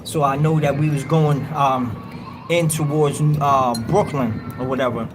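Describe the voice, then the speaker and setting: A man's voice: mid-range voice, steady tone, a little slow, over music, a crowd in the background. A man hosting a livestream, telling a long story in casual street slang and acting out other people's lines. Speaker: livestream host.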